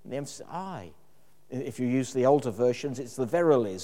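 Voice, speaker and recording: A man's voice: mid-range voice, animated, brisk, warm tone, big-room sound. A man preaching a sermon in a thoughtful, conversational way, with occasional fillers.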